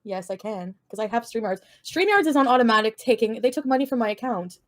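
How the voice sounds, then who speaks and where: A woman's voice: on the high side, animated, fast talker. A woman from Canada gossiping on a livestream, chatty and giggly, cursing casually as she rambles.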